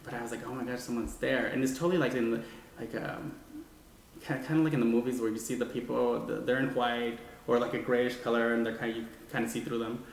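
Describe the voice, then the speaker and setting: A man's voice: mid-range voice, fast, gravelly, a little hiss or hum. Rambling man in an echoey room. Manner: animated, rambling with many restarts. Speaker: guest sharing a ghost story. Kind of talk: casual storytelling. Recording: echoey room with long reverb.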